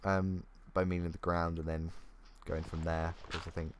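A young man who makes gaming videos on YouTube talks casually through his gameplay, thinking aloud and teasing himself. His voice is low and smooth with little pitch movement, at a normal pace, over faint keyboard clicks.

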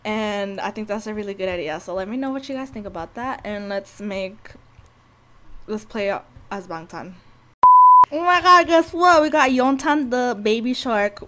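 A young woman giving casual, profane, excitable commentary over a life-sim game, scolding the characters as she plays. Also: medium pitch, a little hiss or hum. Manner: profane, excitable, talks to the sims. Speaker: gameplay commentator. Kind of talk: casual let's-play commentary.

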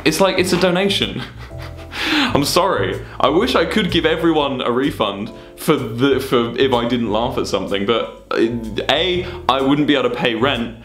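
A man's voice: mid-range voice, lively intonation, moderate pace, a bit bright, echoey room, faint music behind. A young man streaming, reacting to fan memes in casual, sweary, mock-indignant banter.

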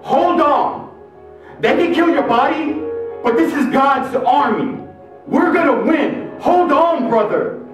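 A man's voice: very high voice, expressive, takes it slowly, over music, voice pushed up, exaggerated voice. A man voicing a brave teenage boy soldier, speaking urgently in a live talk. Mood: defiant. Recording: echoey live hall, distant mic.

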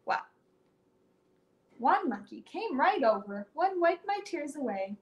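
A young woman storyteller reading a rhyming picture book aloud to children in an animated, sing-song way with dramatic swings. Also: high voice, a little slow. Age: young adult.

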